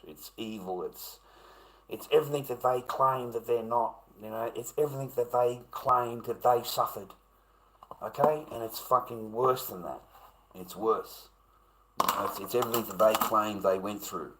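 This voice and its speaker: A man's voice: low-pitched, a bit bright, low-quality recording. An Australian man ranting casually to his livestream chat, blunt and swearing constantly.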